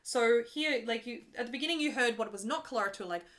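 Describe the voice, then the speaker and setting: Talking fast in a high-leaning, slightly bright voice, a young opera singer keeps her live stream chatty and full of jokes as she teaches viewers about arias. Every so often she launches into full operatic song.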